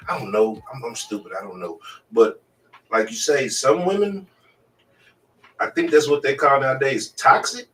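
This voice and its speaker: Animated male storyteller, off-mic. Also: medium pitch, moderate pace, far from the mic, rough recording. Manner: animated storyteller, loud acted-out exclamations. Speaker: podcast co-host. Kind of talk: casual group chat.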